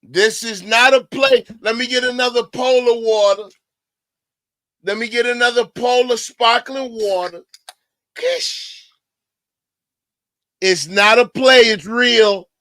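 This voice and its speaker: A man hosting a livestream, loud and excitable, often shouting as he talks to his chat. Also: very high-pitched, slow, long pauses, dry recording. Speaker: livestream host. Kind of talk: reacting to a clip for chat.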